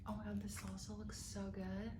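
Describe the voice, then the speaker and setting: A woman's voice: medium pitch, completely flat delivery, fairly quick. A young woman vlogging casually on her phone, chatty and tired, often laughing. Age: young adult. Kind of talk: casual vlog. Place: city street outdoors, later indoors in a room. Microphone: handheld phone. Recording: noisy street, echoey.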